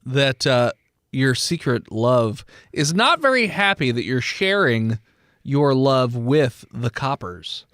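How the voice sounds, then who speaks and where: A man narrating a tabletop game as game master, lively, often laughing and slipping into voices. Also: mid-range voice, slow pace, no room sound, studio quality.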